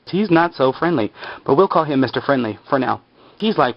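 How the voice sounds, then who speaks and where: A man's voice: mid-range voice, lively intonation, a little fast, no echo. A man casually retelling a TV episode, rambling with lots of filler words. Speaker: episode recapper. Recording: slightly muffled lo-fi recording.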